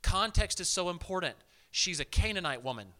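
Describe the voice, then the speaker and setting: A man preaching a sermon in a lively, conversational way, with frequent asides to the congregation. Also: high voice, a little fast. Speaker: pastor.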